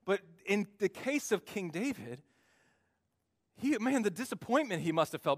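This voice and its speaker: A man preaching a sermon to his church, acting out the voices he quotes with big swings in pitch and loudness. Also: very animated, normal speed. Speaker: pastor.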